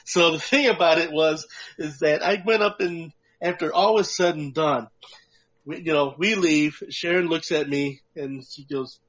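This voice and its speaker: A man co-hosting a podcast, telling a long, profane, animated story about a prank with lots of laughter. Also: a little high, measured pace. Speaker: podcast co-host. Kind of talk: casual storytelling chat. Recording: muffled lo-fi audio.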